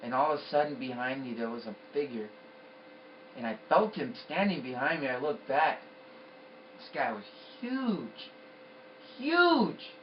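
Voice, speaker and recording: A man's voice: medium pitch, lively intonation, moderate pace, distant mic, muffled recording, slight background noise. A man giving an intense, emphatic personal testimony about a vision. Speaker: storyteller.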